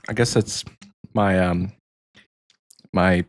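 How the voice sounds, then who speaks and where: A man's voice: mid-range voice, animated, measured pace, fairly bright tone. An American man co-hosting a podcast, chatting casually and rambling with frequent ums. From United States. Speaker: podcast co-host.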